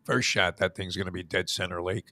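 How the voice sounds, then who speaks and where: A man's voice: low voice, steady tone, a little fast, sharp tone, dry recording. A man hosting a casual radio talk show, telling rambling, joking stories.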